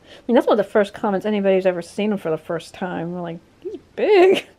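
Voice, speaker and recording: A woman's voice: mid-range voice, racing, mellow. A woman vlogging casually about her cat, playful and teasing, with giggles. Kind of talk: casual chat. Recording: music playing behind.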